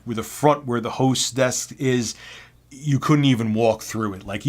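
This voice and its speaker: A man telling a story in a casual, animated way, swearing freely. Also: on the low side. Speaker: video host.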